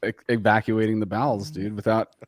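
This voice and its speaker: A man's voice: fairly low pitch, little pitch movement, a little fast, dry recording, studio quality. A man co-hosting a podcast, making crude, goofy jokes. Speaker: podcast co-host. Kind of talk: casual podcast chat.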